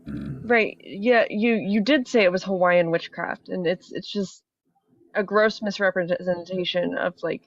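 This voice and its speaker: A woman on a live show who talks in an animated way, filling her speech with "like". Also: fairly low pitch, a little slow, dry recording. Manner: animated, heavy use of "like" fillers. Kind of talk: heated live stream chat. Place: home in Hawaii. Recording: dull lo-fi stream audio, faint music.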